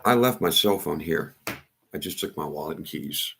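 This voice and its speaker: A man telling a rambling personal story, halting and repeating himself as he goes. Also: extremely low pitch, expressive, creaky, fairly bright tone, husky. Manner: halting, repeats and restarts words.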